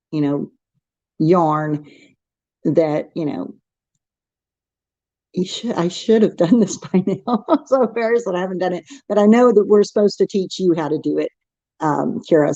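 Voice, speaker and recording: A middle-aged woman from Texas, with a Texan accent, hosts a casual craft livestream, chatting, reading the chat aloud and laughing often as she rambles and restarts. Her voice is on the low side and warm, with no echo and dull audio.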